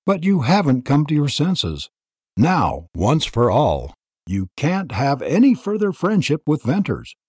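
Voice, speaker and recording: A man voicing a jealous, stern church elder who speaks harshly and commandingly, with a husky voice. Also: fairly high pitch, huge pitch swings, measured pace, a little mellow, dry recording, studio quality, voice pushed up, heavily acted. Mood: domineering. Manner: harsh, commanding, clipped threats. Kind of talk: audiobook reading.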